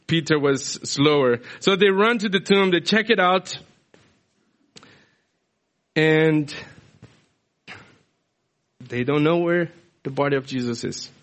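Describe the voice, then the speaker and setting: A man's voice: on the high side, slow, pauses often, fairly bright tone. A man from South America preaching a sermon in a conversational, explanatory way with frequent restarts.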